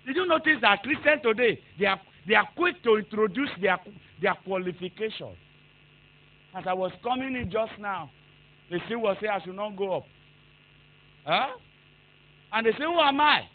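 A man preaching a fervent sermon, moving between hushed asides and loud shouted exhortation. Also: high-pitched, narrow, tinny audio, a little hiss or hum.

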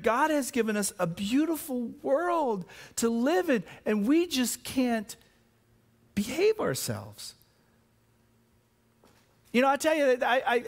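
This sermon comes from a pastor with a high voice who is a parent. Loud, energetic surges give way to quiet, deliberate stress on key words, and he repeatedly stumbles and circles back as he develops his argument.

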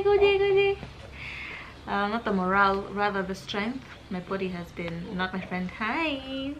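A young woman vlogging casually as a new mother, giggly and gushing with excitement. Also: medium pitch, background noise. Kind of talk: casual vlog chat.

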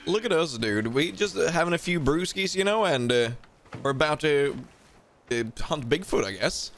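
A man giving lively gameplay commentary with a friend, exclaiming and laughing often. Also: fairly high pitch, moderate pace, a little hiss or hum. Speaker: gamer in a co-op session.

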